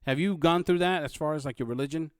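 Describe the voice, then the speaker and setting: A man running a tabletop game as game master, narrating in a halting, playful way with many restarts. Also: fairly high pitch, no room sound, studio quality.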